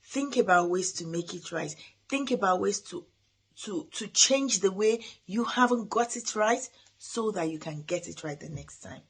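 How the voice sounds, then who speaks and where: A middle-aged woman with a husky, breathy voice talks through parenting advice as the host of her show. Her delivery is earnest and advising, and she often restarts her sentences as she speaks. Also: medium pitch, expressive, normal speed. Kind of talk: motivational talk.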